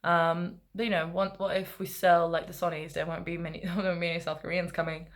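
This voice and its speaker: Woman vlogger, young, low gravelly voice, casual rambling chat, laid back. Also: little pitch movement, a little fast. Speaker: football fan vlogger.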